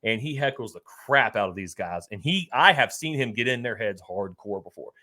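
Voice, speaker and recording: A man's voice: fairly low pitch, expressive, normal speed, sharp tone. Laid-back man telling stories. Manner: laid-back storyteller, laughs often, many fillers and restarts. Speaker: podcast co-host. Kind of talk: casual chat.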